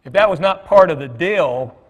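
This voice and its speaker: His fairly high voice has lively intonation and normal speed as this middle-aged man gives a church talk as a guest speaker. The sermon is conversational, made of folksy stories in which he acts out others' words. It's recorded in a church hall with long reverb.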